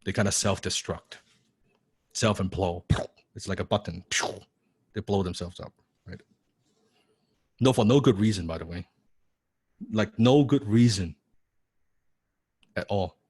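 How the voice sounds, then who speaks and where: Brief: male coach, blunt and salty, drives points home, lowish voice, dry close sound. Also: a little slow, pauses often, a little mellow, slightly rough, no echo. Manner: blunt, profane, keeps asking "right?"; repeats key lines for emphasis. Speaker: copywriting coach. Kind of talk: live online coaching class.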